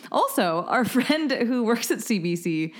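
A woman's voice: fairly high pitch, big pitch swings, measured pace. A woman in her thirties co-hosting a casual podcast, chatting and laughing. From England. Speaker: podcast co-host.

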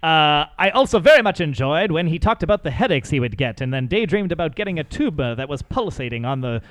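A man's voice: on the high side, expressive, fast, fairly bright tone, no echo. A man doing a genteel old-time radio chum. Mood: jolly formal. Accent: put-on transatlantic. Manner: clipped, genteel, put-on radio voice. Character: chummy old-time male radio personality.

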